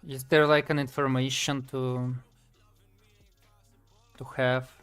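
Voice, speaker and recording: A man's voice: medium pitch, flat delivery, a bit bright, clear, resonant tone, faint music behind. Man, streaming while coding. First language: Slovak. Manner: halting, many fillers and restarts, thinking aloud. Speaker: game developer streaming. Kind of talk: casual live-stream chat while coding.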